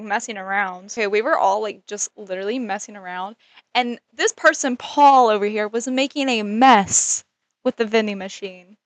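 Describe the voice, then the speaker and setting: A young woman tells a casual storytime story, bubbly and giggly, her speech full of "like". Her voice sits a little high. It is recorded close to the mic in a dry room. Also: no echo. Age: young adult. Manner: animated, giggly, lots of "like". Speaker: vlogger.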